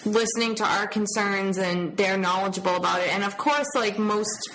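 A woman's voice: mid-range voice, moderate pace, noisy background. A woman co-hosting a podcast, talking in casual conversation with plenty of fillers. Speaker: podcast co-host. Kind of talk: casual chat.

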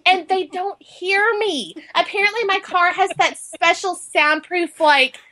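A woman co-hosting a casual chat, telling a story in an animated way with lots of "like". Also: very high voice, a little slow. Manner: animated storyteller, heavy use of "like".

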